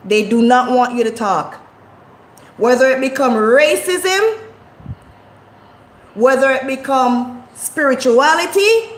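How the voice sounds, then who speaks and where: High-voiced woman, slow and impassioned. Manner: impassioned, preachy, repetitive. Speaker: vlogger. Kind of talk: casual motivational talk. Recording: echoey room.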